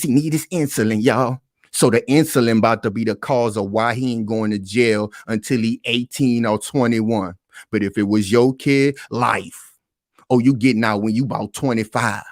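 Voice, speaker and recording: A man with a mid-range voice speaking pauses a news clip over and over to break it down for his viewers. He talks with heavy emphasis, repeats his points and keeps calling on his audience. The recording is dry, with almost no room sound. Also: mid-range voice, no echo. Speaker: commentary host reacting to a news clip. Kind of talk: reaction commentary.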